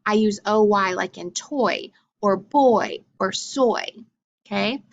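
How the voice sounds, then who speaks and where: A woman teacher explaining phonics spelling rules clearly and checking in with her students. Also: mid-range voice, slow pace, slight background noise.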